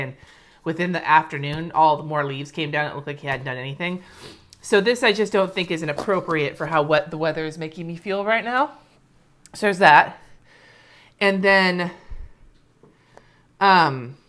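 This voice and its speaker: Her voice is low and a bit bright as she livestreams casually from indoors at home in California. A planner vlogger, she works on her week's plans, answering viewers by name from the comments and swearing freely.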